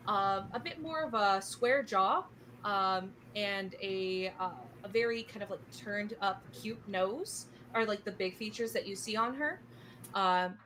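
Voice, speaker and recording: Bright-voiced woman game master. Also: medium pitch, a little hiss or hum. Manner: descriptive, chatty, many fillers. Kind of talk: narrating a tabletop game.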